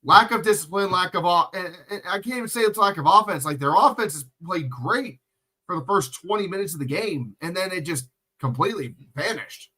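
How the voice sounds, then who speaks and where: A livestream commentator with a high, animated, fairly quick voice, sharp in tone with a breathy edge, calls a football game live. He rants and curses bluntly in profane play-by-play, lecturing the players between plays.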